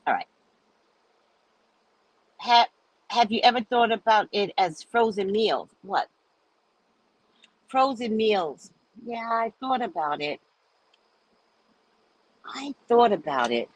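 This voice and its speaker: A woman hosting a casual livestream chat, telling rambling stories in an animated way and greeting viewers. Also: medium pitch, takes it slowly, long pauses, rough recording. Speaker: livestream host.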